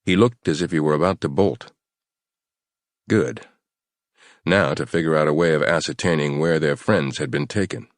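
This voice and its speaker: Very deep-voiced male audiobook narrator. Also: moderate pace, long pauses, no room sound, clean studio sound. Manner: tense, dramatic storytelling. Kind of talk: scripted narration.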